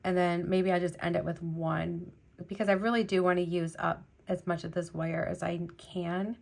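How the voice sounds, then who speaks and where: A woman's voice: fairly low pitch, little pitch movement, moderate pace, creaky, a little mellow. Beading host, woman, middle-aged, loose chatty delivery full of fillers. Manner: chatty, many fillers, rambling. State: choked up, teary. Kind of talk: casual chat while beading.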